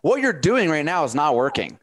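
A man hosting a casual podcast conversation, talking with eager, energetic enthusiasm. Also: a little high, brisk, slight background noise.

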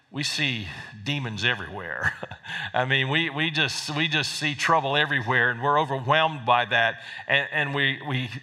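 A man's voice: mid-range voice, pushed and bright. A man preaching a sermon as pastor, talking conversationally and often repeating words as he goes. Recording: long reverb of a large hall.

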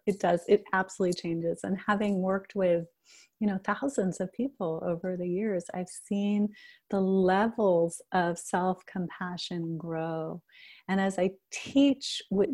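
Woman, meditation teacher, gentle, unhurried, slightly low voice. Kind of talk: guided meditation and talk.

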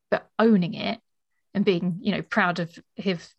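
A woman's voice: medium pitch, normal speed. A woman co-hosting a book podcast, chatting casually and reading a passage aloud with expression. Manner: reads aloud expressively, relaxed chat otherwise. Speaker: podcast co-host.

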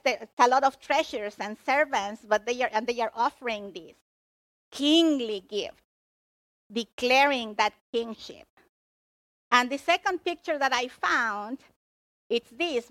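A woman preaching a sermon, emphatic and expressive as she tells the story. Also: sits high, no room sound.

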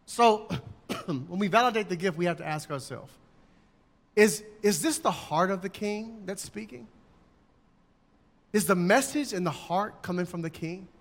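A man's voice: high-pitched, measured pace, pauses often. A man preaching a sermon in an emphatic way, acting out his examples in raised voices. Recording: long hall reverb.

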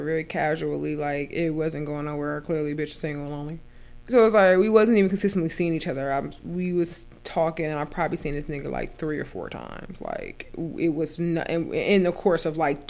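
A young woman co-hosting a podcast, ranting casually and profanely, acting out quotes from friends as she tells a story. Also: fairly low pitch. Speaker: podcast co-host. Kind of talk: casual chat.

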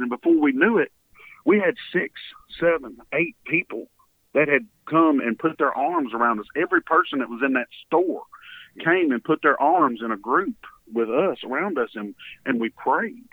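A man's voice: fairly high pitch, wildly swooping pitch, normal speed, vocal fry, dry recording. A man with a Texan accent, a guest on a radio interview, telling a story earnestly and voicing the people in it with feeling. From Texas. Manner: earnest storyteller, voices his quotes with feeling. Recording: dry, tinny phone line.

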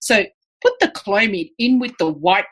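An Australian woman telling her story as a podcast guest in a casual, animated way, with lots of fillers. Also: medium pitch, moderate pace. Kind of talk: casual conversational interview.

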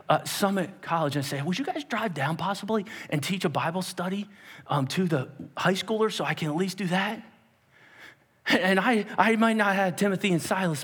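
A man in his forties, a pastor, preaching a lively sermon with jokey stories and acted-out quotes, swinging between loud and hushed. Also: on the high side, big-room sound.

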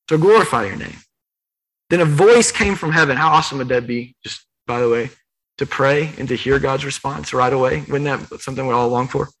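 Earnest bright-voiced male preacher. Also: a little high, rough recording. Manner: earnest, emphatic, paraphrasing scripture aloud with repetition. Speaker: pastor. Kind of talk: sermon.

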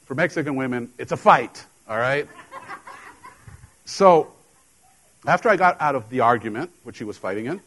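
A man's voice: mid-range voice, expressive, moderate pace, pauses often, fairly bright tone, poor audio. Man preaching a casual sermon. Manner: conversational preaching, jokes and laughs with the congregation. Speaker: pastor. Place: church.

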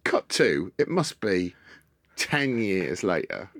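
A man, a podcast guest, telling animated stories in casual chat, swearing freely and acting out what people said. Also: low voice, takes it slowly, no echo, studio quality. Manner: animated storyteller, swears, acts out quotes.

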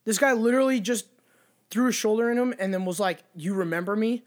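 In a casual conversation, a man with a notably high voice tells a story at a fast pace. He swears freely and stresses his words heavily, staying animated and emphatic the whole way through.

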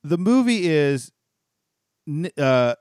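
A man co-hosting a podcast, chatting casually and retelling things in a rambling, animated way with many restarts. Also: a little high, slow, clean tone, dry recording, studio quality. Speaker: podcast co-host. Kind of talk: casual chat.

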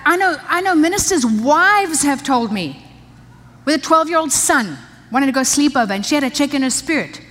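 A woman's voice: high-pitched, lively intonation, normal speed, fairly bright tone. An older woman preaching a conversational, emphatic sermon to women in a church. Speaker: pastor's wife preaching to women. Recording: long church-hall reverb.

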